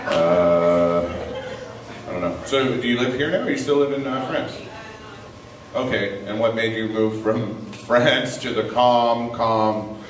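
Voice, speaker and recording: Stand-up comic working the crowd. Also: male voice, on the low side, unhurried, far from the mic. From Canada. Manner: animated, swings into loud put-on voices and rants. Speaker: stand-up comedian. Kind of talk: live stand-up with crowd work. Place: comedy club stage. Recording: roomy live club recording from off-mic, audible noise.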